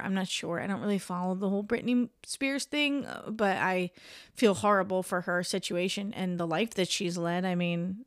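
A woman's voice: medium pitch, fairly bright tone, clear, resonant tone, no room sound, studio quality. A young woman hosting a casual solo podcast, chatting and ranting in an opinionated, gossipy way. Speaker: podcast host.

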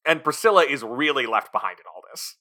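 A man's voice: medium pitch, expressive, brisk, bright, forceful tone. A man co-hosting a podcast, chatting casually about a film and acting out scenes in put-on voices. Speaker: podcast co-host. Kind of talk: casual film review chat.

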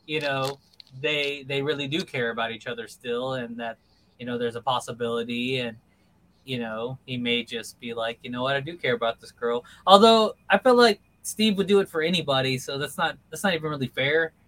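Bright-voiced man chatting casually. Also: mid-range voice, normal speed, slight background noise, rough recording. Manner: rambling, animated retelling of scenes. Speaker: podcast co-host. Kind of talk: casual chat.

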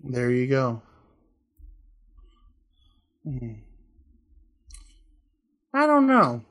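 A man's voice: mid-range voice, huge pitch swings, extremely slow, a bit bright. A man in casual conversation who asks questions and chimes in easily. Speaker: podcast co-host asking questions. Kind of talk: casual chat.

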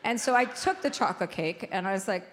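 A woman's voice: mid-range voice, fast, noisy background. A woman in her forties hosting a live show, telling a crude story with lots of laughter and swearing. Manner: animated, swears, laughs through her stories. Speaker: podcast host. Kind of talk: live comedic storytelling chat. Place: live stage before an audience. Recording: long hall reverb, faint ambience.

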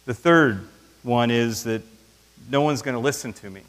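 A man preaching a sermon in an animated way, acting out the voices he quotes. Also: mid-range voice, moderate pace, in a large hall. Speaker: pastor.

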